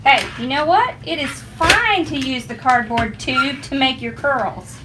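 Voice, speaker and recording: A woman's voice: sits high, measured pace, very noisy. A woman hosting a casual craft tutorial at home, chatty and homey, talking to her viewers and her dog. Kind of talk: casual how-to demonstration.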